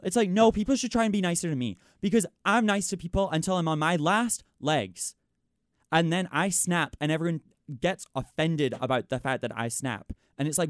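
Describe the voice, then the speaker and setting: A man's voice: a little high, a little fast, no room sound, clean studio sound. A young man hosting a college radio show, venting in a frustrated rant full of "like" and "it's like". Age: young adult. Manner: exasperated ranting, frequent "like" and "it's like". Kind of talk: venting on air.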